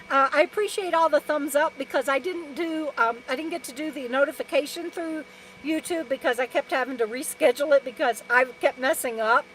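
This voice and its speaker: A woman from Texas, an RV lifestyle vlogger, hosts a casual live stream from her camper, reading out viewer comments in a rambling, chatty way full of restarts and fillers. Her voice sits high with a fairly bright tone, on a low-quality recording with a little hiss or hum.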